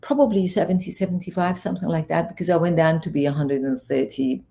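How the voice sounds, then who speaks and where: A low, gravelly woman from Iran tells her story as an interview guest. Her voice is dark and mellow. She rambles, restarts and acts out the people she quotes. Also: fast talker. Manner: rambling, animated retelling with many restarts. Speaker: guest, fitness and wellness coach.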